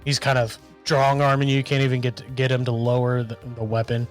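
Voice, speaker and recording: A man's voice: medium pitch, level tone, brisk. Guy running a tabletop game, loose narration, kinda hesitant, faint music behind. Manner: loose, hesitant, full of restarts. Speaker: game master.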